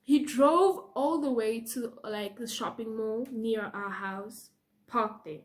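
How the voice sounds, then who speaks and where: A young woman with a South African accent tells a storytime vlog, her voice high and lively. She laughs often and acts out the people she quotes. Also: takes it slowly. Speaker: YouTuber.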